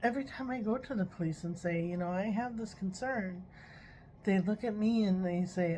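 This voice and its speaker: A woman's voice: mid-range voice, normal speed, dark tone, slight background noise, rough recording. A woman talking in an earnest, frustrated personal vlog, doing a tarot reading and stopping now and then to apologize. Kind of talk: emotional personal vlog monologue.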